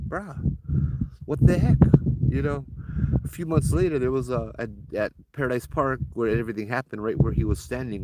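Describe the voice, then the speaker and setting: A man with a Hawaiian Pidgin accent, a ghost tour guide telling stories to a group outdoors, animated and laughing as he acts out the people in his tale. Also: medium pitch. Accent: Hawaiian Pidgin English. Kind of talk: casual live storytelling to a group. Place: outdoors at an old temple site. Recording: loud background noise.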